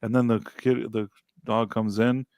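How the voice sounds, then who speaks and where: A man hosts a casual podcast chat, walking through a TV episode in a loose, halting way. His voice sits at an ordinary middle pitch. The recording is dry, with no room sound. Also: little pitch movement, a little mellow, dry recording. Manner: recaps scenes in a loose, halting way. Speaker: podcast host.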